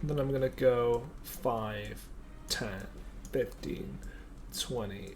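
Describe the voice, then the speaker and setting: A man playing a tabletop game, animated, exasperated and jokey. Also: mid-range voice, slow, a little hiss or hum. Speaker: player.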